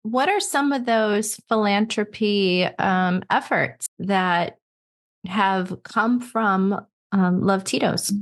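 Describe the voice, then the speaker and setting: Slow-talking woman host. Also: medium pitch. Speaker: podcast host. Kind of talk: interview questions.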